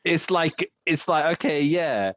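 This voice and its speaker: A man's voice: on the high side, lively intonation, measured pace, a bit bright, no room sound. A man co-hosting a podcast, chatting casually with lots of fillers, restarts and laughter. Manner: rambling, many fillers and restarts, laughs often. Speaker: podcast co-host. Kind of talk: casual chat.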